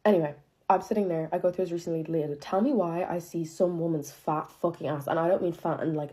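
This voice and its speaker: A young woman with a deep, mellow voice keeps a steady tone while talking at a quick pace. She casually tells a dramatic personal story, cursing freely, saying "like" constantly, and sounding incredulous.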